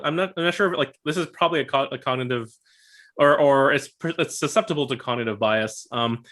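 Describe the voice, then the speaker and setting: A man's voice: mid-range voice, fairly bright tone. A man in a study group speaking hesitantly, restarting his sentences.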